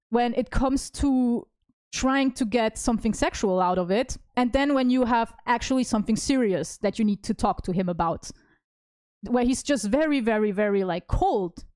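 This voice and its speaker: A woman's voice: a little high, darkish tone, no room sound, studio quality. A woman streaming as a vtuber, talking casually and rambling with lots of fillers and restarts. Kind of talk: casual stream talk reading chat messages.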